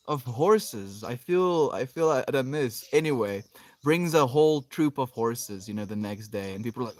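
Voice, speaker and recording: A man livestreaming from an open field outdoors, chatting casually with his viewers in a meandering, reflective way, his sentences often trailing off softly. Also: medium pitch, lively intonation, measured pace, dry recording. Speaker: livestreamer reading chat.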